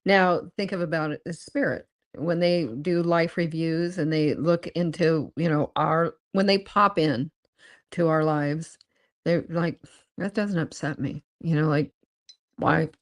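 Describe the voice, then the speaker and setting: A woman's voice: sits low, fairly even intonation, unhurried. A woman co-hosting a podcast, chatting casually and laughing often. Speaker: podcast co-host.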